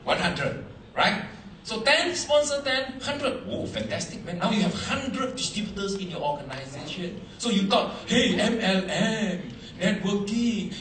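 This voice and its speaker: A man giving a seminar talk to a live audience, animated, quizzing the crowd, in broken English phrasing. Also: sits high, reverberant, recorded from a distance, a little hiss or hum, poor audio. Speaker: motivational speaker at a business seminar.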